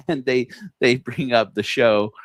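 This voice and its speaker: A man's voice: mid-range voice, no echo. A man hosting a casual livestream, rambling with many fillers and restarts and laughing at his own jokes. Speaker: podcast host.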